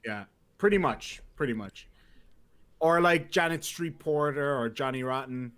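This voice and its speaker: A man's voice: mid-range voice, unhurried, a bit bright, clean tone. A man co-hosting a casual livestream chat, reading viewer comments and telling jokes. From lives in Australia. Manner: chatty, reads viewer comments, tells jokes. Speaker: co-host.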